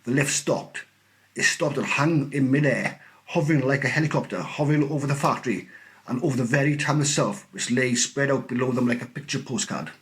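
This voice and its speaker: A male teacher reading a children's storybook aloud in an expressive, animated way. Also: medium pitch, brisk.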